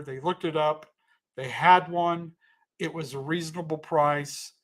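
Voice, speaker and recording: Man, slightly higher voice, loose chatty storyteller who restarts sentences. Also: fairly even intonation, a little slow, fairly bright tone. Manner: rambling, self-correcting, thanks donors mid-story. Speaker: comedian telling a story on a livestream. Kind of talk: casual storytelling.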